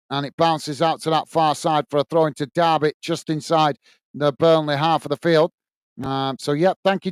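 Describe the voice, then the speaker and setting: Clean-toned and fairly high, this English man's voice carries no room sound. With his Lancashire accent, he hosts a live football watch-along in a matey, friendly style, calling the play as it happens and reading out viewer comments.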